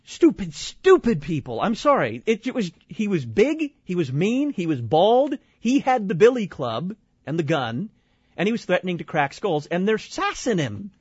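A man from Illinois tells a story in an animated, exasperated way, and his voice sits a little high. He jumps into other people's voices as he retells it. The recording is dry and a bit dull, like a small studio. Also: normal speed, slightly rough, dry recording. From Illinois, USA. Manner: lively, exasperated, acts out quoted voices. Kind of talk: animated personal anecdote.

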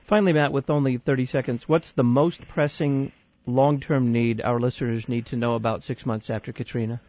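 A man hosting a radio interview, measured, posing questions and reading out contact details. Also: mid-range voice, fairly even intonation, a little mellow, no echo, dull audio. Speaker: radio host.

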